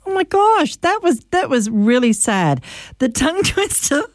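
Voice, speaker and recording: A woman's voice: high voice, very animated, unhurried, no room sound, studio quality. Bubbly Australian woman with a lisp. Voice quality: slight lisp. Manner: bubbly and laughing, chatty promo read. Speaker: radio presenter. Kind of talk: radio station promo.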